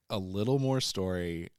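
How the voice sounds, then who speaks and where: A man's voice: sits low, a little mellow, smooth, dry recording, studio quality. A man co-hosting a podcast, retelling a story in casual chat and breaking into playful silly voices for the characters. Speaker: podcast co-host.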